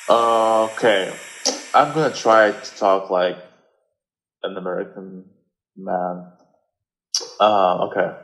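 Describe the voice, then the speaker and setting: A man with a Russian accent talks slowly and haltingly, pausing and reaching for English words. His voice sits on the low side. He is a native Russian speaker. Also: fairly even intonation, a bit bright, a little hiss or hum, rough recording. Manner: halting, searching for words, many fillers. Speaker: guest. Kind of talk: casual conversation.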